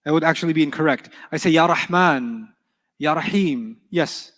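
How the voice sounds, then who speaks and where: A man teaching a grammar class in a lively, animated way, with a voice pitched a little high. He keeps checking in with his students. The hall behind him leaves a long echo. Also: normal speed. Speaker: Arabic teacher.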